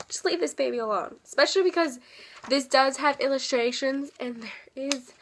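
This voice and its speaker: A young woman with a high voice chats bubbly and self-deprecating about her new books. She is a little sick and often drops to a near whisper in asides. The talk is casual, as if in her own room. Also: slight background noise. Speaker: book vlogger. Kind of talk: casual book haul chat.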